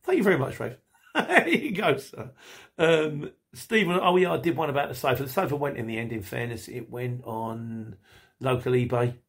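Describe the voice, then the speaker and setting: A man's voice: mid-range voice, expressive, normal speed, vocal fry, fairly bright tone. A middle-aged man hosting a podcast, chatting casually and rambling while he reads out listener messages, laughing often. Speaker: podcast host.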